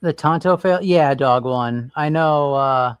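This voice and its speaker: A man's voice: a little high, slow pace, clear, resonant tone, no echo. A man hosting a casual livestream, rambling and thinking aloud while browsing and chatting with viewers. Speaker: livestream host.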